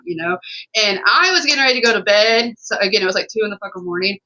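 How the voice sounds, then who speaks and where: Podcast co-host, woman; bright, forceful voice, swears a lot, talks in heated run-ons. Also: medium pitch, lo-fi sound. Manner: emphatic and profane, rapid run-on storytelling. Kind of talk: casual podcast storytelling.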